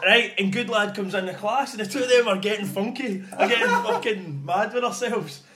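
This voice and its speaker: A young man telling a school story on a podcast, animated and laughing a lot. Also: high voice, fairly quick. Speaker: podcast co-host. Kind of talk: casual chat. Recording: echoey room with noise.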